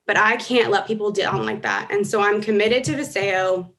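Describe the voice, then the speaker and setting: A woman in her thirties speaks on stage in a large convention hall, emotional and earnest, building toward urgent calls for commitment in a motivational speech. Her mid-range voice is fairly bright, with fairly even intonation at a normal speed.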